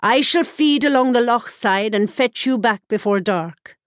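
A woman voicing an ancient, stern female winter hag from a storybook, speaking slowly and gravely. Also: on the high side, no room sound, clean studio sound, pitched above the performer's own voice, close to an everyday voice. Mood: commanding. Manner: slow, commanding and grave.

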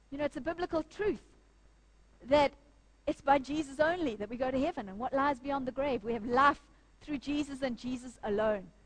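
Earnest New woman preaching. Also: sits high. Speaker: church speaker. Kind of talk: sermon. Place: church.

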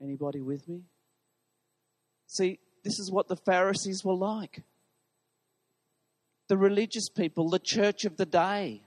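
A man's voice: high voice, unhurried, pauses often. A man preaching a sermon to his congregation, putting questions to the listeners. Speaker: pastor. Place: church hall. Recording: long reverb of a large hall.

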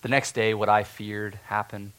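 A man's voice: lowish voice, little pitch movement, moderate pace, smooth. A man telling as Mordecai, steadfast and defiant. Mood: grieving. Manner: earnest, stirring, swings between loud declarations and hushed tension. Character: steadfast, defiant elder of the king's gate, in first person. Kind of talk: dramatic first-person biblical monologue.

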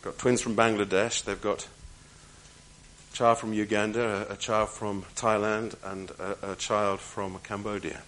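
A man preaching a sermon, moving between raised emphatic lines and hushed, quiet passages and repeating key phrases. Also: on the low side, little pitch movement, unhurried, poor audio.

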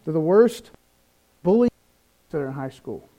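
A man preaching a sermon, animated, acting out quoted voices with big swings in pitch and loudness. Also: moderate pace, lo-fi sound. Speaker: pastor.

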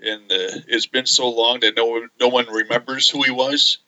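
A male podcast co-host with a very bright, sharp voice, talking in halting, stop-start phrases. He speaks with enthusiasm in casual chat. The sound is a bit dull and lo-fi. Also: mid-range voice, steady tone. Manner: halting, many fillers and restarts, enthusiastic.

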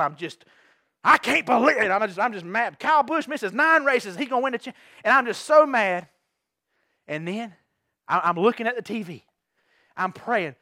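A man preaching a sermon to his church, telling stories with big swings from quiet asides to shouts. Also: high voice, animated, moderate pace, dry recording, studio quality. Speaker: pastor.

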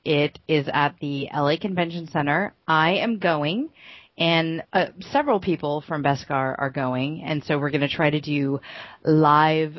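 A woman co-hosting a gaming podcast in a casual chat, bubbly and quick to giggle. Her voice sits low for a woman and comes through a dry, close home microphone with a slightly muffled, lo-fi tone. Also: no echo. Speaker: podcast co-host.

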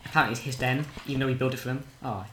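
A man's voice: mid-range voice, steady tone, rapid-fire, pushed and bright. A man from England rambling and joking through gameplay as a podcast co-host, swearing often. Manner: rambling, silly, swears a lot. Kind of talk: joking gameplay chat in character. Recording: echoey room with faint noise.

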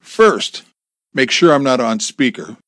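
In a storybook reading, a man voices a menacing, sarcastic kidnapper who taunts his victim over the phone with mocking cruelty. His medium-pitched voice is animated, slow and fairly bright, pushed up above normal, with clean studio sound and no room noise.

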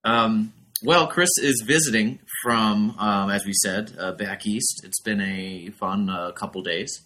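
Man, late twenties, from New Hampshire, podcast co-host, playful, low-ish voice. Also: measured pace, pushed and bright, a little hiss or hum. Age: late 20s. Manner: jokey, playful, laughs often. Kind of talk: casual chat.

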